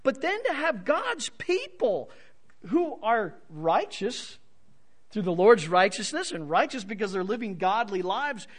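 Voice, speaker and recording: A man preaching an expository sermon, swinging from soft to loud for emphasis. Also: high voice, big pitch swings, unhurried. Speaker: pastor.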